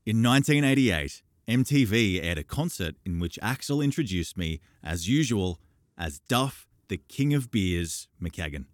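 Low-voiced expressive male audiobook narrator. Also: a little slow, no room sound, clean studio sound.

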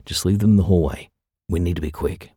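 A man's voice: low voice, brisk, warm tone, breathy edge, no room sound, studio quality. A man voicing an urgent young man who talks hurriedly and breathlessly, sometimes in a whisper.

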